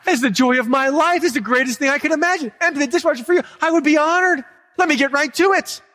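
A man's voice: very high-pitched, quick pace, sharp tone, big-room sound, voice pushed up. A man playing a gushing, overeager child. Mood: mock eager. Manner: gushing, exaggerated enthusiasm. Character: overly eager cheerful child doing chores.

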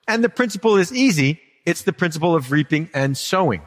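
A man's voice: fairly high pitch, expressive, fairly quick, hardly any pauses, long reverb tail. A man preaching a sermon as pastor, conversational and humorous, asking the congregation questions.

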